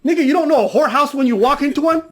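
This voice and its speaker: A man's voice: very high-pitched, very fast, a bit bright. A man ranting on a podcast, mocking and telling stories while acting out other people's lines. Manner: mocking, acts out quotes, storytelling. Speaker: podcast commentator. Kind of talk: casual podcast rant.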